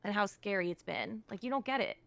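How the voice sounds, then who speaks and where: A woman's voice: medium pitch, very animated, fairly quick, creaky, a bit bright, dry recording. A woman arguing defensively on a livestream, exasperated and full of "like" and "I mean". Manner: defensive, exasperated, filler-heavy. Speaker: guest streamer. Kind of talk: heated livestream debate.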